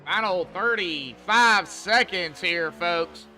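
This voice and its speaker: A man's voice: high-pitched, slow, sharp tone, a little hiss or hum. A man commenting on an online sim race as host, chatty and folksy, talking to drivers like buddies. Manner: chatty, folksy, calls people buddy. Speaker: race broadcaster.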